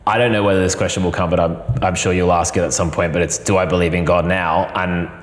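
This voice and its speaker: An Australian man talks as an interview guest in an earnest, expressive way, stacking up repeated phrases. His voice sits slightly low. The room adds long, echoing reverb. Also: fast. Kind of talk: heartfelt personal interview. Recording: roomy hall reverb.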